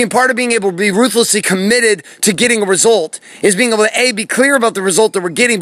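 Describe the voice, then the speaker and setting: Male motivational host, high and quick, punchy and preachy, swears to make a point. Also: pushed and bright, no echo. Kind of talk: motivational monologue. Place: outdoors in a forest. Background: birds and bees.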